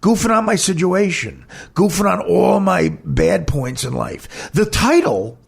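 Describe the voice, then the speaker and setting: A man's voice: high voice, expressive, a little slow, gravelly, slightly rough. A man, a comedian hosting a podcast, telling a candid personal story in a blunt, emphatic, heated way.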